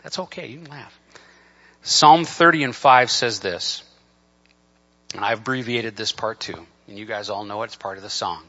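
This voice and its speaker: Fervent preacher man, lo-fi sound. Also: normal speed. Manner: emphatic, rising to near-shouts on scripture, then dropping low and conversational. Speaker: pastor. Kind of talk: sermon. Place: church sanctuary. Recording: dull lo-fi church recording.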